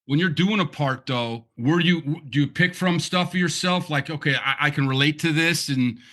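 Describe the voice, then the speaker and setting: Bright-voiced male podcast host. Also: on the high side, moderate pace. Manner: encouraging, asks follow-up questions. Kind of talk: casual interview.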